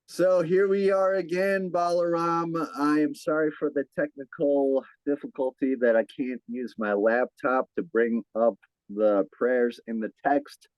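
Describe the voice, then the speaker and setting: Brief: young male podcast host, upbeat and laughing, unhurried delivery, dry close sound. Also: a little high, little pitch movement, darkish tone, no echo, poor audio. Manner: upbeat, laughs often, stumbles over words. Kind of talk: casual podcast chat. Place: at home.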